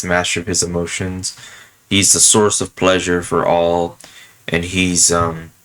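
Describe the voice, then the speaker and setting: A man casually chatting and telling stories, laughing often and filling pauses with um and you know. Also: sits low, a bit bright. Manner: drops fillers like um and you know. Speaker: podcast host. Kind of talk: casual chat.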